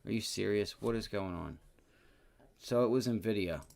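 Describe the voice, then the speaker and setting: Man, gravelly voice, lowish pitch, live trading commentary, profane, frustrated. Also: normal speed, darkish tone. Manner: thinking aloud over charts. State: aching back. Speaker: day trading livestream host.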